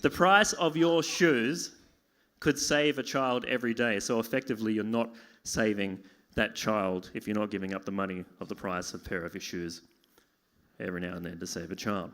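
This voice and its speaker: A man's voice: fairly low pitch, fairly even intonation, normal speed, a bit bright. A young man performing a self-deprecating stand-up set in a pub, acting out conversations with sudden yelps and pleading. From Australia. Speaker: stand-up comedian. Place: small pub venue with live audience.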